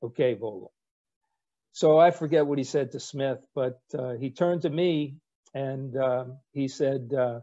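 Mellow-voiced older man telling stories. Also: mid-range voice, a little slow, dull audio. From United States. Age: 60s. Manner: wry, relaxed storyteller with fillers. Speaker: guest speaker, retired navy captain. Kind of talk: anecdotal storytelling talk.

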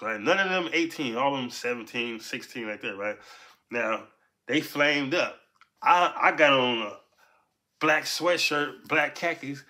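A man casually telling a story from his past in street slang, punctuating it with "right?" and "so boom". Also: bright, forceful tone. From Los Angeles.

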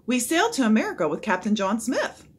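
A woman's voice: on the high side, big pitch swings, quick pace, breathy edge, pitched above the performer's own voice, exaggerated voice. A woman voicing a nervous, cautious young boy in a storybook, hesitating with ums.

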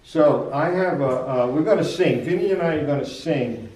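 Man, sax teacher, halting explainer, dark mellow tone, echoey room, far from the mic. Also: on the high side, a little hiss or hum. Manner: halting, repeats words, explains with examples. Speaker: saxophonist and teacher. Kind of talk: casual music lesson chat. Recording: roomy, distant from the mic.

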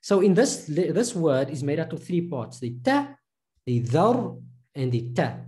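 A man gives a recorded pronunciation lesson at an unhurried, deliberate pace. His voice is warm and mellow, and he repeats each syllable patiently so learners can follow. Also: fairly high pitch, very animated. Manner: patient, drills syllables with many slow repetitions. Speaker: Arabic reading teacher.

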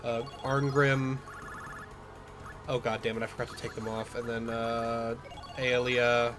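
A man's voice: medium pitch, little pitch movement, unhurried. A young man casually rambling through let's-play commentary, self-deprecating and swearing often. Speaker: gamer. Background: game music.

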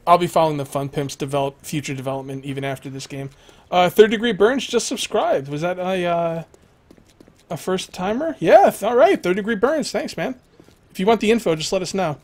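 A young man chatting casually on a game live stream, rambling, laughing often and reading viewers' messages aloud. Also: on the high side.

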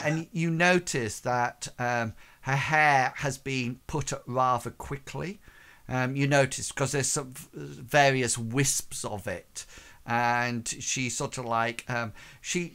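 A man's voice: mid-range voice, fairly bright tone. A man narrating a tabletop game as game master, rambling with many fillers.

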